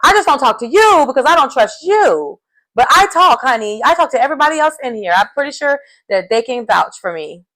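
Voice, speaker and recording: A woman's voice: mid-range voice, lively intonation, normal speed, hardly any pauses, fairly bright tone, rough recording. A woman voicing a sassy female contestant who pushes back with brassy, emphatic endearments.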